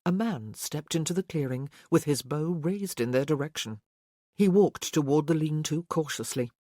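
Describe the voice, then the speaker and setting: Steady audiobook narrator, dry sound. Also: mid-range voice, moderate pace, no room sound. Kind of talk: audiobook narration of a historical romance.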